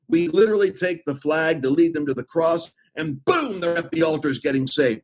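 A middle-aged man preaching in an emphatic, rambling way, with sudden loud outbursts. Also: a little high, moderate pace, few pauses, a little hiss or hum, rough recording. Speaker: preacher and host. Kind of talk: impassioned preaching talk.

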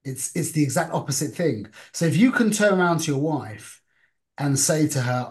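A man's voice: a little high, animated, normal speed, darkish tone. Man teaching a casual Torah class. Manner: conversational, peppered with Hebrew and Yiddish terms; asks the listeners questions. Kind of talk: informal Torah class to a small group.

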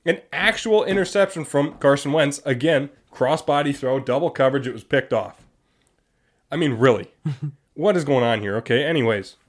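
A young man hosting a casual sports talk show, animated and exasperated, often laughing. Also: mid-range voice. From Wisconsin. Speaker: sports podcast host.

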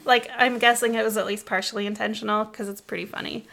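A young woman hosting a casual film podcast, talking fast and excitably and often breaking into laughter. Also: medium pitch, creaky. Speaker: podcast host. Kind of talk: casual film-recap chat.

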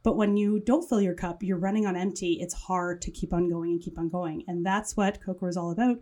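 A woman's voice: on the low side, fairly even intonation, brisk, warm tone. A woman with a French accent, a native French speaker, talking as a guest in a podcast studio about her wellness business, enthusiastic and running through long lists. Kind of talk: casual interview chat.

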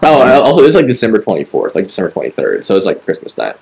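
Low-voiced man telling a rambling story. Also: wildly swooping pitch, racing, gravelly, darkish tone, poor audio. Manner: rambling, profane, heavy on fillers. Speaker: podcast co-host. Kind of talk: casual storytelling.

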